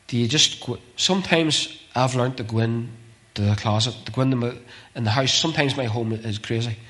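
A man preaching a sermon with passion, repeating phrases and swinging from urgent calls to hushed, near-whispered lines. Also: mid-range voice, a little fast.

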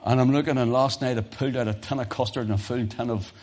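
Husky preacher. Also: male voice, medium pitch, fairly even intonation, quick pace. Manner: emphatic, rising to loud exhortation and dropping to whispers. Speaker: pastor. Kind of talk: sermon.

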